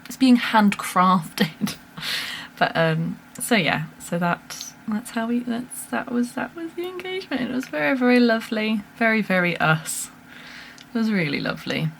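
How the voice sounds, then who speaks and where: A woman's voice: fairly high pitch, very animated, measured pace, creaky, a little hiss or hum. A woman chatting casually to camera at home, telling a story animatedly with laughs and fillers. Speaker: vlogger. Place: home room with a lamp.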